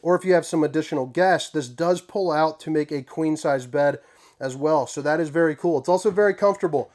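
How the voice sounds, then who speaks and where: A man hosting a casual walkthrough tour inside an RV, talking in a folksy, joking way with relaxed slang. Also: a little high, fairly quick. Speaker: RV tour host.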